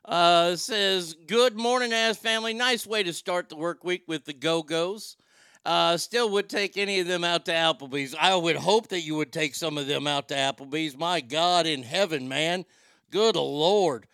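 A man's voice: on the high side, a little slow, bright, forceful tone, clear, resonant tone, no room sound, studio quality. A man hosting a casual live chat, reading viewer comments aloud and swearing freely. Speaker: talk show host reading chat.

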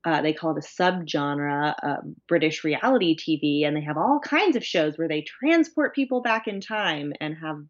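Woman, podcast co-host, chatty, animated storyteller, low-ish voice, dull lo-fi sound. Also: normal speed, hardly any pauses. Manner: animated storyteller, laughing, many fillers. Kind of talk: casual chat.

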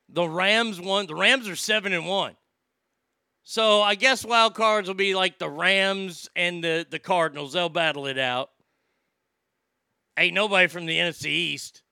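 Brash male sports-talk host, sarcastic and profane; high, gravelly, sharp tone. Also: no room sound, studio quality. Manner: brash, sarcastic, swears freely. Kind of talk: casual sports rant.

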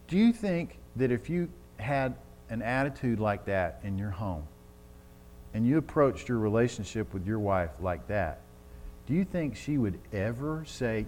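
A man preaching a sermon on marriage, telling vivid stories and building to loud, emphatic exhortation. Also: mid-range voice, expressive, unhurried, pauses often. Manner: storytelling with acted-out quotes, rising to loud emphatic preaching.

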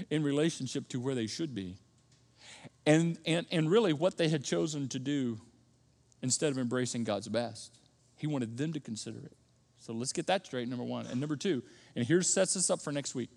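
A man preaching a sermon as pastor, talking emphatically with frequent restarts and sudden loud bursts. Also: medium pitch, animated, moderate pace, vocal fry. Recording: long reverb of a large hall.

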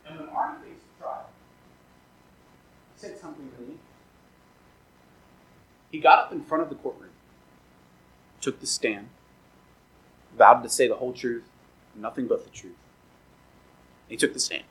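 A man delivering a sermon from the pulpit, bright and forward in tone with a husky edge. He talks animatedly and slips into quoted voices to make his points. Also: mid-range voice, lively intonation, normal speed, pauses often, rough recording. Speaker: pastor.

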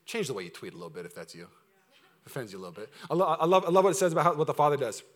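A man preaching a sermon to his church, talking in an energetic, conversational way with humor, swinging between loud emphasis and quiet intensity. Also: fairly high pitch, rapid-fire. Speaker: pastor. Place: church service before a congregation.

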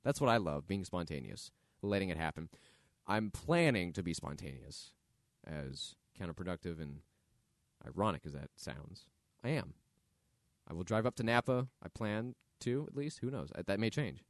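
A man's voice: low voice, lively intonation, normal speed, dry recording, clean studio sound. A man hosting his own podcast, talking casually and thinking aloud with fillers. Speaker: podcast host. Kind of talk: casual solo podcast monologue.

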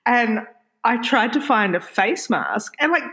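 A woman in her forties from Australia, co-hosting a podcast in casual chat, talking in an animated, frank way with mild swearing. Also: fairly high pitch, unhurried. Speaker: podcast co-host.

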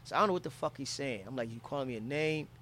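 A man's voice: mid-range voice, rapid-fire, slight background noise. Profane storytelling man from Philly. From Philadelphia. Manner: profane, animated storytelling with acted-out quotes. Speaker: comedian telling a travel story. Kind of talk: casual storytelling.

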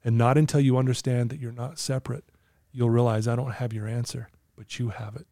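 A man's voice: medium pitch, flat delivery, fairly quick, mellow, dry recording, clean studio sound. A man talking as a guest in an interview, telling stories in an earnest way and acting out talks with his clients. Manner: earnest, acts out dialogue with clients. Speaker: podcast guest, client coach. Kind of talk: conversational storytelling interview.

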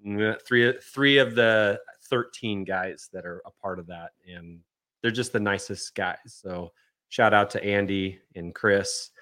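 A man co-hosting a casual podcast, relaxed and appreciative, trailing off softly. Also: lowish voice, a little slow. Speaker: podcast co-host. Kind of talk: casual chat.

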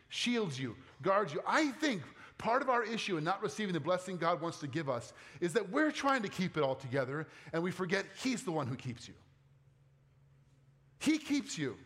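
A man preaching a sermon as a pastor, earnest, dropping soft and low when reading scripture, with casual conversational asides. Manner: conversational asides with playful quoted voices.

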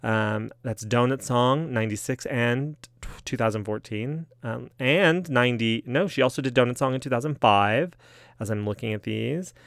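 A man hosting solo, reading aloud and thinking out loud in a chatty, self-deprecating, rambling way. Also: medium pitch, normal speed, vocal fry, no room sound, studio quality. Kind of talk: casual rambling commentary.

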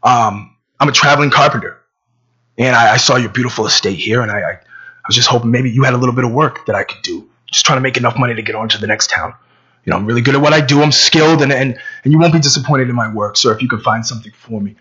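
A man's voice: medium pitch, quick pace, sharp tone, slightly rough, lo-fi sound. A man voicing a kind, humble traveling carpenter who speaks in an earnest, stammering, folksy way. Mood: pleading.

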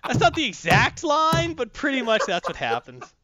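Animated high-voiced man recapping comics. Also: normal speed, background noise. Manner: animated, acts out characters in silly voices. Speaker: podcast host recapping a comic. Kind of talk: casual chat.

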